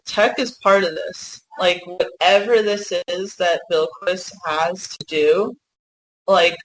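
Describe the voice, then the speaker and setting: A woman co-hosting a fan podcast, talking in an excited, rambling way and swearing freely in a casual discussion. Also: on the low side, a little hiss or hum, rough recording. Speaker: podcast co-host.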